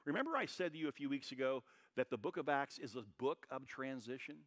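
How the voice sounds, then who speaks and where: A male pastor delivers a sermon in a loud, brash voice, talking fast. He swings between shouted high points and quieter asides.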